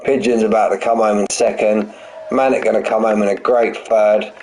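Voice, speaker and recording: Chatty low-voiced man calling a sim race. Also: little pitch movement, moderate pace, a little mellow, poor audio. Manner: chatty, repeats "mate" and "buzzing". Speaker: sim racing league commentator. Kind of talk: live race commentary and chat.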